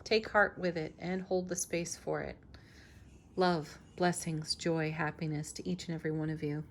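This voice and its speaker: A woman host giving a daily tarot reading, speaking in a slow, soothing and affirming way, with soft laughs between cards. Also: low-pitched, steady tone, a little hiss or hum. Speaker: tarot reader, channel host.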